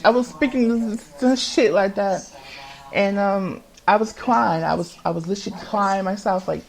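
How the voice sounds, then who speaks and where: A podcast host tells his own story in a confessional monologue, his high, gravelly voice captured on poor audio. He rambles and halts, restarting often. He swears a lot and sounds agitated and emotional.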